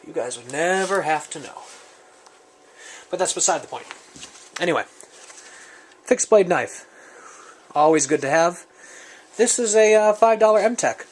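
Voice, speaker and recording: A man's voice: high-pitched, expressive, measured pace, pauses often, a little hiss or hum. A man casually reviewing his survival gear on camera, rambling and joking in an off-the-cuff way. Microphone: camera mic, speaker off-frame.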